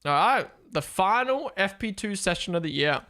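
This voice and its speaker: Young guy streaming a race watchalong, bright voice, kinda high, gets worked up and swears a lot. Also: normal speed. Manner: excitable, swears, thinks aloud. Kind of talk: casual live commentary.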